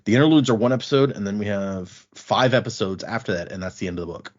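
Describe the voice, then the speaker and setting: A man hosting a podcast, casually walking through a book's chapters in an animated retelling. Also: fairly low pitch, quick pace. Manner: animated retelling, acting out quotes in passing. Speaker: podcast host recapping a book. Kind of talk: casual chat. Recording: dull lo-fi podcast audio.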